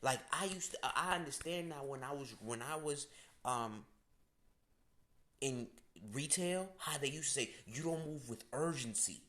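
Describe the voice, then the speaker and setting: A man talks straight to his audience in a loose, casual rant. He is blunt and profane and leans on slang, with a voice of middling pitch. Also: measured pace, a bit bright. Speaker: astrology channel host. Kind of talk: casual direct-to-camera rant.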